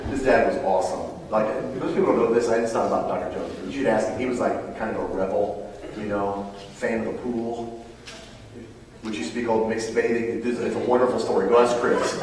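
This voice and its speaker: A man preaching a sermon to a live audience, animated, with loud emphatic bursts and quiet asides. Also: on the low side, far from the mic, noisy background. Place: large room with live audience. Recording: roomy hall, picked up from afar.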